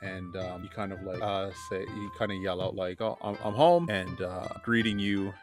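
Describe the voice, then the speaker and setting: A man's voice: sits low, flat delivery, normal speed. A man narrating a tabletop game as game master, rambling with lots of ums and uhs. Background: background music.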